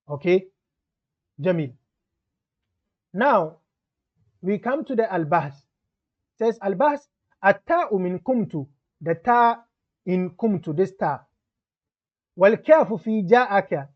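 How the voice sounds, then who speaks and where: High-voiced man teaching grammar. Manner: reads Arabic text aloud, then explains it in English. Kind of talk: explanatory grammar lesson. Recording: dull lo-fi sound.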